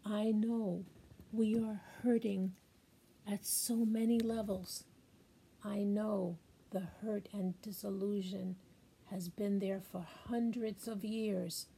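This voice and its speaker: A woman's voice: mid-range voice, fairly even intonation, dark tone, a little hiss or hum, rough recording. An older woman speaking as a grandmother in an emotional spoken-word monologue, repeating lines and dropping at times to a whisper. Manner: slow, emotional, repetitive, drops to whispers. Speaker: grandmother sharing a message.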